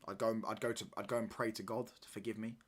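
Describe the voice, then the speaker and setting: Young guy, live watchalong streamer, slangy chat, loud when ranting. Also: on the low side, flat delivery, fast, slightly rough. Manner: casual slangy banter, repeats phrases, gets loud when ranting.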